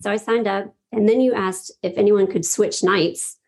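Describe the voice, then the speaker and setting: A woman's voice: medium pitch, fairly even intonation, normal speed, creaky, a little mellow. A woman sharing a heartfelt personal story in casual talk, laughing often and acting out her own reactions.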